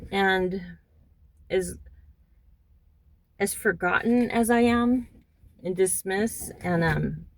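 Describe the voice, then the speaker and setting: A middle-aged woman talking through a personal monologue, halting and reflective with many pauses and fillers, recorded in a car. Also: mid-range voice, a little hiss or hum. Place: in a hot car.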